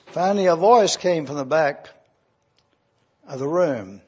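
A man delivers a sermon as a slow, earnest story, and his voice sits high for a man. The sound is husky and a little breathy. The recording is dull and lo-fi. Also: lively intonation. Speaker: preacher. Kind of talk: sermon illustration told as a story.

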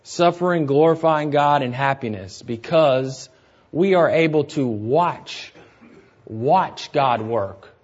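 Guy preaching a bible study sermon, really slow and deliberate, repeats himself a lot, kinda muffled lo-fi audio. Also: medium pitch. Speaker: pastor. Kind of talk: expository sermon.

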